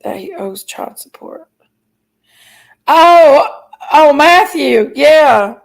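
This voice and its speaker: A middle-aged woman with a high, gravelly voice and lively intonation chats casually as a livestream host, reading out viewers' comments. She's playful and chatty, drawing out her exclamations, and the recording is rough.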